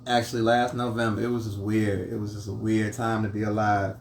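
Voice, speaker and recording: Gravelly-voiced man telling stories in a roomy echo. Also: on the low side, level tone, a little fast. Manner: laid-back, storytelling with many restarts. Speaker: host. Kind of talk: casual chat over drinks. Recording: echoey room, voice from mic distance, faint noise.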